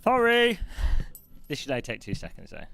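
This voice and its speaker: A man's voice: medium pitch, animated, moderate pace, fairly bright tone. A middle-aged man streaming live, chatting and joking at his own expense while he fits out a sim rig. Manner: chatty, self-mocking, laughs often.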